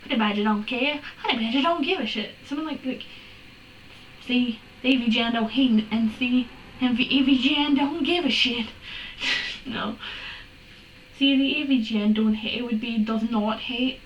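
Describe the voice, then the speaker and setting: Sarcastic woman, fairly high voice, reading and roasting a story in a roomy, off-mic recording. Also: measured pace, long pauses, highs cut off. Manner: exasperated, sarcastic, swears and laughs. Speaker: fanfiction reader. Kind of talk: comedic dramatic reading with commentary. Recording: roomy room, distant from mic, faint hiss.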